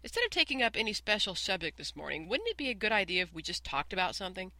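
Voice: medium pitch, big pitch swings, fast, bright, forceful tone, dry recording, heavily acted. A reader voicing a tiny bossy mouse teacher. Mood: brisk. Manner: bossy, crisp, dismissive. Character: tiny brisk male mouse substitute teacher. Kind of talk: audiobook character voice.

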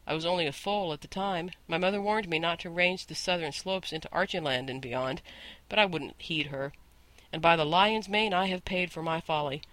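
A man's voice: on the high side, moderate pace, sharp tone, no echo. Storybook horse: haughty male war horse, lecturing and lofty, dry close read by a male reader. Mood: indignant. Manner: scornful, lecturing, grand. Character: proud talking male war horse, bossy.

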